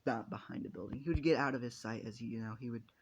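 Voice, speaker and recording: A man's voice: medium pitch, fast talker, vocal fry, breathy edge. A man narrating an improvised fan story in a rambling, casual way, with many restarts and casual swearing.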